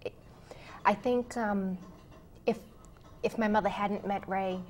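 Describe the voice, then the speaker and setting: A woman guest in an interview who speaks quietly and haltingly, sounding grateful. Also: medium pitch, fairly even intonation. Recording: distant mic with faint background noise.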